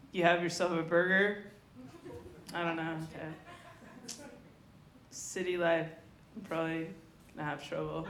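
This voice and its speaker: A woman's voice: on the low side, steady tone, unhurried, pauses often, a bit bright. A woman performing a rambling, chatty open mic stand-up set, talking with the crowd between jokes. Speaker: stand-up comedian. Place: comedy club stage. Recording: echoey club room, faint noise.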